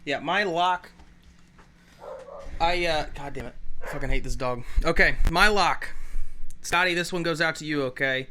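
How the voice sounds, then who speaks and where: A man co-hosting a casual sports betting podcast, a little out of breath and excitable as he hypes up his picks. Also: fairly high pitch, normal speed, long pauses, a little hiss or hum. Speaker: podcast co-host.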